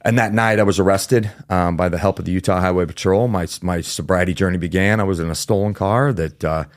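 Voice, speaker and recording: A man's voice: low-pitched, fairly even intonation, a little fast, no echo, studio quality. A man as a podcast guest, telling his story candidly and casually, with plenty of fillers and the odd swear word.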